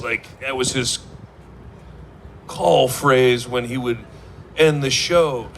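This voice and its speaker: A man's voice: mid-range voice, fairly bright tone, a little hiss or hum. A man, a singer-songwriter, rambling through a story with lots of fillers between songs on a festival stage. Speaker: singer-songwriter performing live. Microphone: stage vocal mic. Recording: live band music behind.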